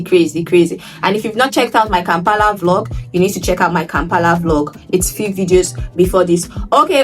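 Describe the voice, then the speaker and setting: A woman from Nigeria telling stories to her travel vlog viewers, animated, often repeating words for emphasis. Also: mid-range voice, distant mic. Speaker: travel vlogger. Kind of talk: casual vlog storytelling.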